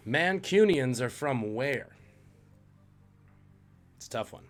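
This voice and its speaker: A man's voice: medium pitch, lively intonation, takes it slowly, soft background music. A man hosting a live-streamed trivia quiz, reading questions and joking about viewers' guesses. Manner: jokey, reads out questions and chat guesses. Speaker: trivia host.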